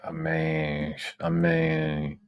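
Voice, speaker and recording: A man's voice: a bass voice, monotone, very slow, smooth, dry recording, muffled recording. A man hosting a livestream, giving profane, exclamatory reaction commentary. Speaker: livestream host.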